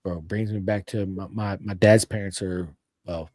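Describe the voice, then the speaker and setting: A man's voice: sits low, fairly even intonation, moderate pace, a little mellow, no echo. A man hosting a podcast, joking and easygoing in casual slangy chat. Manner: laid-back, joking, slangy. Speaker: podcast host.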